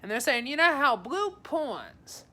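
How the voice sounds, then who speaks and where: Bright-voiced chatty woman psychic. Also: high voice, very animated, measured pace. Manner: chatty, addresses viewers by name, relays messages. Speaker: psychic advisor. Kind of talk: live-streamed psychic reading.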